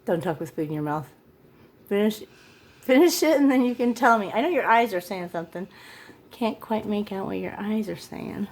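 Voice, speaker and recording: A woman's voice: mid-range voice, animated, moderate pace, darkish tone, a little hiss or hum. Gushing motherly woman vlogger. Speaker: family vlog host, parent. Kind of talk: casual family vlog chat.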